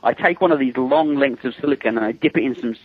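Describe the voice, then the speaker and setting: A man's voice: medium pitch, fast, breathy edge, no room sound. A middle-aged man, a special effects makeup artist, telling amused anecdotes as an interview guest and often laughing between them. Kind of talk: casual anecdotal storytelling. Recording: dull lo-fi recording.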